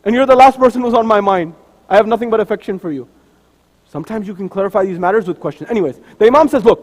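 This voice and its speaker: A man's voice: high-pitched, quick pace, a little mellow. A man giving a sermon at a mosque, telling a story and acting out its dialogue. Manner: acts out the dialogue of figures in his story. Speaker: speaker at a mosque. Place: mosque hall. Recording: long hall reverb.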